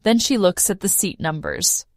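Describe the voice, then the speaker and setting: A woman narrating a simple first-person story for English learners, clear and measured. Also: fairly low pitch, huge pitch swings, no echo, studio quality. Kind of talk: slow read-aloud story for learners.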